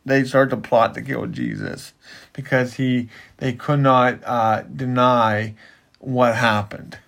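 A man explaining Bible passages in a casual chat, halting and repeating himself as he builds to his point. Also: mid-range voice, expressive, creaky, fairly bright tone. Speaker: Bible teacher and podcast co-host.

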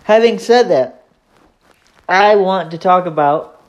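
A man's voice: sits high, slow pace. Chatty Michigan man hosting a podcast. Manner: rambling, self-deprecating, chatty with frequent fillers. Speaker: podcast host. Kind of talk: casual solo podcast monologue.

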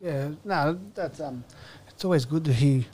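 A higher-pitched Australian man hosts a casual radio chat. He keeps the talk loose and jokey, tossing in quips between questions. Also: unhurried, a little mellow. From western Sydney, Australia. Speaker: radio host.

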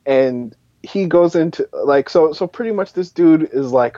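A man co-hosting a wrestling podcast with a mellow, dark tone, relaxed as he moves the talk along. His mic sounds dull and muffled, with a dry, close feel. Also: on the high side, a little slow, few pauses, dry recording. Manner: relaxed, steers the segments. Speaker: podcast co-host. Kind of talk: casual wrestling chat.

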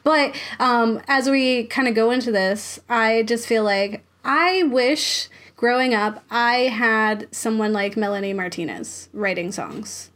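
A woman's voice: on the high side, slow, a bit bright. A woman hosting a podcast in a chatty, casual manner, laughing often and using many fillers. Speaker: podcast host. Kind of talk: casual chat.

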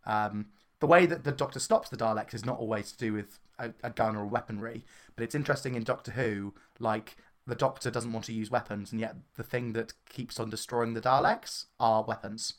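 A man's voice: medium pitch, steady tone, brisk. A man with a southern English accent, co-hosting a casual podcast chat and laughing often. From southern England. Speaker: podcast co-host.

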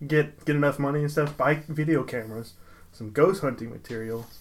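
A man chatting on a casual podcast, his voice a little higher than most men's. He jokes around and keeps dropping in wisecracks. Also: fairly quick. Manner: joking, chimes in with wisecracks. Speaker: podcast co-host. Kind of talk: casual chat.

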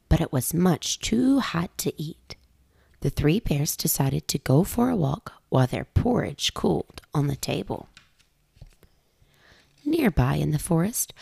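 A woman, a mother, reading a children's storybook aloud with a gentle, lively storytelling cadence, close and dry. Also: sits low, creaky, slightly rough, no room sound.

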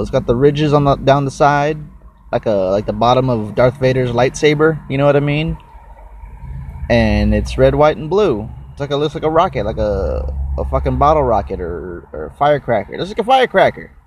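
A man's voice: mid-range voice, lively intonation, a little fast, a little mellow, a little hiss or hum. A young man hosting a casual solo podcast, rambling and cursing while he chews and snacks on mic. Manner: rambling, swears a lot, chews and eats while talking. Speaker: podcast host.

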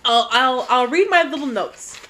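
A woman's voice: high-pitched, expressive, normal speed, fairly bright tone. A young woman co-hosting a podcast in casual chat, gushing and swearing freely as she talks. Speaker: podcast co-host.

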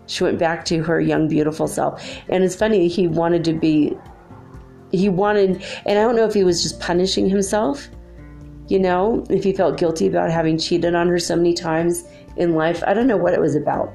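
A middle-aged woman with a low, gravelly voice tells a story in a loose, rambling way. She fills her talk with casual asides and soft fillers. Her tone is warm and mellow, with faint music behind her. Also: fairly even intonation, normal speed. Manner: rambling, chatty, many fillers. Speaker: spiritual video host.

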